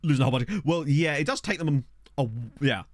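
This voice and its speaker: A man's voice: a little high, fast talker, no room sound. A man streaming a game, chatting casually and thinking aloud as he talks to his viewers. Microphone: desk microphone.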